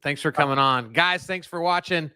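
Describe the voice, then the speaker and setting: A man hosting a casual interview show, enthusiastic, with quick interjections. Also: a little high, over a noisy crowd. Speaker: host.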